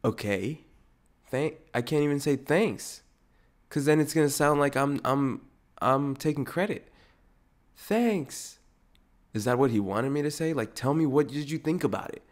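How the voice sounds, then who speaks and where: A young man in his twenties rants to his podcast listeners in a loose, profane, animated way. His voice sits at an ordinary middle pitch, and he keeps breaking into exaggerated mocking voices. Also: normal speed. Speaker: podcast host. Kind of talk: casual ranting monologue.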